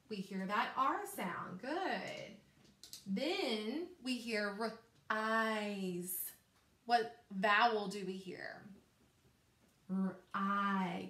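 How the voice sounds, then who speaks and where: A woman teaching a recorded phonics lesson to young children, slow and encouraging, stretching out each sound. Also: medium pitch, bright, forceful tone, reverberant.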